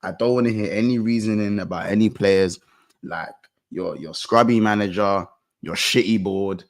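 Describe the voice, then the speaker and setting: A man's voice: fairly low pitch, moderate pace. A man, bluntly venting about a football loss over a call in casual slang. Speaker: football channel co-host.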